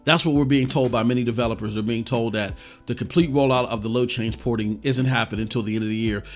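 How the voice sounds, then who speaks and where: Man, podcast co-host, casual chat, lively storyteller, average pitch, soft music underneath. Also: fast. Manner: animated storyteller, swings between loud and soft.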